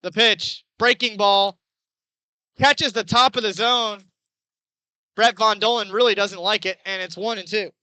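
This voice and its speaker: Young male play-by-play announcer, bright and crisp, excitable. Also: high-pitched, measured pace, pauses often, dry recording, low-quality recording. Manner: chatty, excitable, rises on big plays. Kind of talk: baseball play-by-play commentary.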